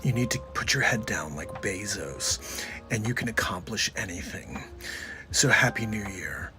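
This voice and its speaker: Man doing a deep breathy business mogul, slow, whispery, comedy impression. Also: animated, sharp tone, faint music behind, full character voice. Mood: solemn. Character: low-voiced, breathy male business mogul.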